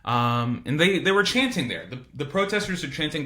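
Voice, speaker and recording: A man's voice: a little high, lively intonation, moderate pace, pushed and bright. A man teaching a casual recorded history lecture, informal and chatty with frequent asides.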